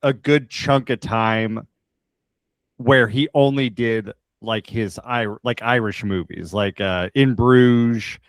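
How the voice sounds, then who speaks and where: A man's voice: medium pitch, steady tone, slow, no echo, studio quality. A man co-hosting a podcast, chatting casually about movies and often repeating words as he starts a sentence. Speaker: podcast co-host. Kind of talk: casual movie review chat.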